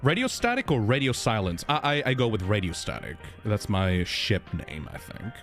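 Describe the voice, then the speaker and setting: Animated, excitable male streamer. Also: lowish voice, normal speed, faint music behind. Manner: excitable, giggly, swears freely. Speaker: livestream host reading donations. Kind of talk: casual livestream chat.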